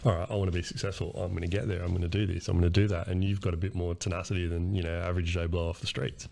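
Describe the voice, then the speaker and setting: A man's voice: deep voice, level tone, rapid-fire, creaky, darkish tone. A man with an Australian accent chatting casually, encouraging and matey, with lots of "you know". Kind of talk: casual chat.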